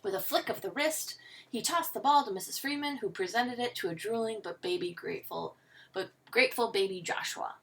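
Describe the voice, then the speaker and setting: A woman teacher reads a picture book aloud with lively, expressive storytelling. Her voice sits a little back from the mic. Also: medium pitch, a little fast, far from the mic.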